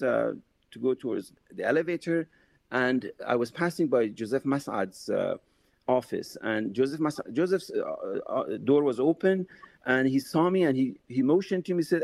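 A male author being interviewed, telling memories in lively fashion with many fillers and restarts. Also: on the high side, moderate pace, creaky, no echo. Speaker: author and guest. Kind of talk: reflective interview conversation.

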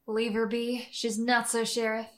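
A sour, snide office clerk, voiced by a woman speaks in a somewhat high voice. She is dismissive and contemptuous. Her lines ring out in a roomy, echoing space. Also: completely flat delivery, a little slow, fairly bright tone.

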